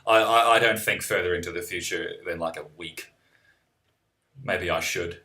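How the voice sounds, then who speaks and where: Young man from New Zealand, low bright voice, casual wry streamer who rambles and restarts. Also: normal speed. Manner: rambling, self-interrupting, wry. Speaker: musician streaming live and reading chat. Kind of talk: casual live-stream chat.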